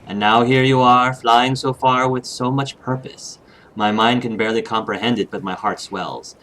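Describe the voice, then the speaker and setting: A man's voice: mid-range voice, steady tone, a bit bright, lightly acted. A man reading as a doting, tender mother. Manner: slow, tender letter reading. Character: doting mother writing to her daughter.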